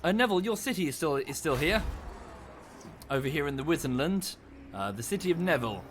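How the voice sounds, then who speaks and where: A man with a slightly high, animated voice talks fairly quickly over game music while livestreaming a strategy game, with a little hiss or hum in the audio. He narrates casually, thinks aloud, and thanks viewers as he plays.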